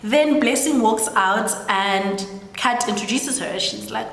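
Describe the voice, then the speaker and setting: A woman's voice: mid-range voice, slow, gravelly, hardly any pauses, a bit bright. A young woman casually recapping a film, chatty and full of fillers. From South Africa. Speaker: storyteller. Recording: echoey room, long reverb.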